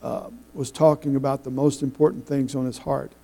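A middle-aged man preaching a sermon, telling folksy stories with halting restarts. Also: medium pitch, little pitch movement, vocal fry, mellow, breathy edge, rough recording. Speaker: pastor.

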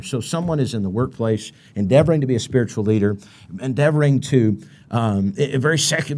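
A man delivers a sermon in an easygoing, conversational manner. He quotes scripture and often backs up to restart his sentences. His voice sits at an ordinary middle pitch. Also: a little mellow. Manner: conversational preaching with many restarts, quoting Bible verses. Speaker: preacher.

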